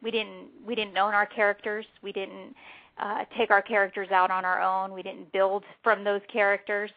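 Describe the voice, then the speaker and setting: A woman, a former wrestler, telling animated stories as a guest on a radio interview. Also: medium pitch, normal speed, narrow, tinny audio. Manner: lively, animated anecdotes. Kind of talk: phone-in radio interview, storytelling.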